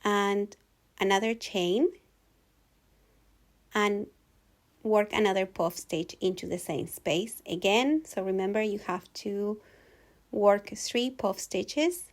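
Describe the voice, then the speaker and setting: Slow, patient woman teaching crochet. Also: mid-range voice. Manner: calm, patient, repeats steps slowly. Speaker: crochet instructor. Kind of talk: step-by-step tutorial voice-over.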